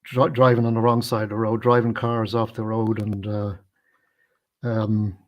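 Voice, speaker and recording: A man's voice: on the low side, flat delivery, moderate pace. A man co-hosting a casual film discussion, talking in a hesitant, explanatory way with many fillers and restarts. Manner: explanatory, unpacking invented slang. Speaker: film review co-host.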